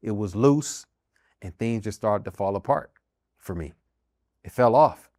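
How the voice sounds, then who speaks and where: A man's voice: on the low side, animated, unhurried, a little mellow, no echo, studio quality. A middle-aged American man and army veteran sharing his own story in an earnest, emphatic way, driving home key phrases by repeating them. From United States. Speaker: podcast host, army veteran and minister. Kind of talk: personal testimony talk.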